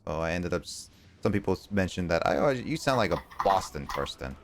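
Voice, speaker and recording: A man's voice: deep voice, very animated, a little fast, noisy background. A man streaming a game and chatting casually, rambling with many fillers and restarts, his R sounds bending slightly toward L. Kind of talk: casual chat while gaming.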